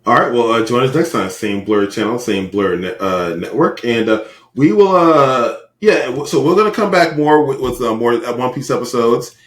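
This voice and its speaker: A man co-hosting a podcast in casual chat, with profane, animated banter. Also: medium pitch, moderate pace, reverberant. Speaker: podcast co-host.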